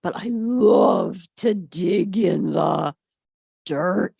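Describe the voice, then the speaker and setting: A woman's voice: mid-range voice, expressive, takes it slowly, vocal fry, dark tone, husky, no echo, studio quality, voice pushed down, exaggerated voice. Woman doing an eager cake-loving dog. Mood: tempted.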